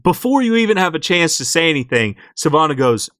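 Animated young man recapping a game. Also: a little high, fairly quick, few pauses, dry recording, clean studio sound. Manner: animated storyteller, slides in and out of character voices. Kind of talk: casual game recap chat.

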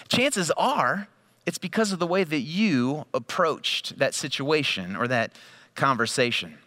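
A man's voice: mid-range voice, sharp tone. A male pastor giving a sermon, telling stories in a conversational, humorous way.

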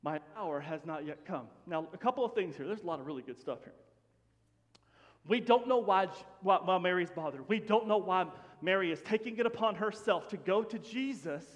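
A man preaching a sermon to his congregation in an animated, conversational way, often dropping to a hush. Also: high-pitched, brisk. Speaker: pastor. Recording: long hall reverb.

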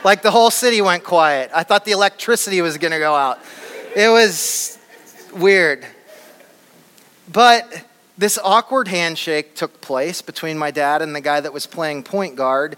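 A man from Flint, Michigan, telling an animated and humorous personal story to a live audience in a large hall. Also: fairly high pitch, a little slow. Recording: long hall reverb.

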